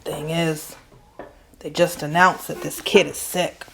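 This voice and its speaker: A woman voicing a gentle, grieving man driving a truck, speaking softly in a low, halting way. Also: fairly even intonation, gravelly. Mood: sorrowful.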